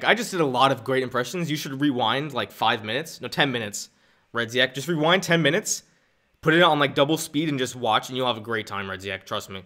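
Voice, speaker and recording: A young man chatting casually on a live stream, animated and laughing often, stumbling and restarting his sentences. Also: mid-range voice, brisk.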